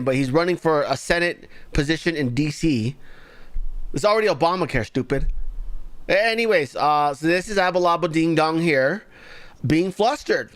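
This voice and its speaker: A man hosting a live online show, ranting sarcastically through his political commentary. His voice sits a little higher than most men's. It is heard close and dry, with almost no room sound. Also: fairly bright tone, no room sound. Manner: sarcastic, mocking.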